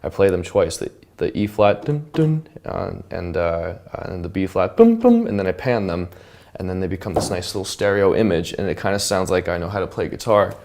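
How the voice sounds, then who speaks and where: With his song's tracks playing loudly in the background, a man casually explains how he produced a pop song, often pausing to hum and mimic sounds. His voice is low, with vocal fry, flat delivery, and a slightly fast pace.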